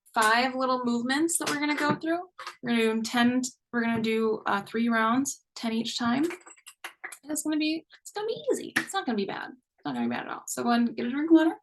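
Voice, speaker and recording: A woman's voice: on the high side, fairly bright tone, distant mic, slight background noise, poor audio. A young woman leading a live online workout class, cheering people on and counting down each interval. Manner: upbeat, encouraging, counts down intervals. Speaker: fitness instructor.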